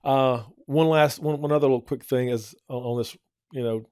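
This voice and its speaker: A man's voice: mid-range voice, steady tone, moderate pace, a little mellow, clean tone, no room sound, studio quality. A man on a church program giving earnest parenting advice, often repeating his points for emphasis. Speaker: church family counselor. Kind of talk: advice talk.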